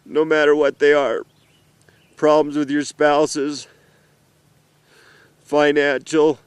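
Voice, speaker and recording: A middle-aged man gives a heartfelt, halting message to his children while seated outdoors in the mountains. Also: a little high, level tone, clear, resonant tone, no echo. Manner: earnest, emotional, halting. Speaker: father addressing his children.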